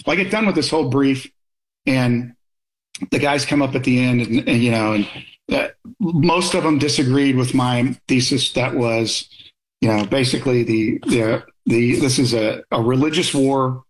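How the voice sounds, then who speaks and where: A man's voice: mid-range voice, normal speed, poor audio. A middle-aged man speaking as an interview guest, a military officer giving blunt, opinionated views and telling stories in a conversational way.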